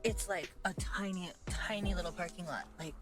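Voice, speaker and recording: A woman's voice: lowish voice, normal speed. A woman talking casually to her camera in a parking lot at night. She is chatty and rambling, and scatters "like" through her sentences. Faint music runs underneath. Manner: chatty, many "like" fillers. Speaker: vlogger. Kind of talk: casual vlog talk.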